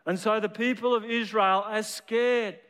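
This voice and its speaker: A man's voice: sits high, fairly even intonation, unhurried, a bit bright, clear, resonant tone, big-room sound. A man preaching a sermon as a storyteller, often repeating his words as he builds a point. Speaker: pastor.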